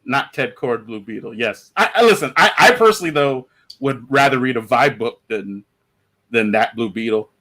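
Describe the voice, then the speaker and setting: A man's voice: mid-range voice, animated, normal speed, bright, forceful tone. A man chatting on a comics podcast panel over an online call, rambling with lots of fillers and restarts. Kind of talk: casual panel discussion.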